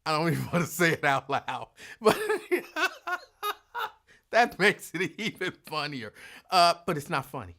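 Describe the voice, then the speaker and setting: A man's voice: on the high side, animated, measured pace, sharp tone. A man hosting a live afternoon show, greeting listeners by name in a laid-back drawl and laughing as he tells stories. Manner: laid-back, drawling, breaks into laughter while telling a story. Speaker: radio show host.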